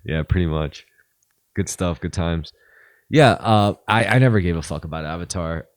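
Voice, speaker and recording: Low-voiced man in casual, profane podcast talk. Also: moderate pace. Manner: casual and profane, rambling with lots of fillers. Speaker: podcast host.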